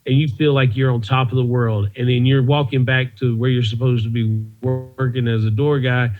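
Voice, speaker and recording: Over a muffled video call, a male comedian guesting on a podcast rambles through stories and laughs at them himself. He talks at a normal speed in a mid-range voice with little pitch movement, and soft music plays in the background of this relaxed storytelling interview.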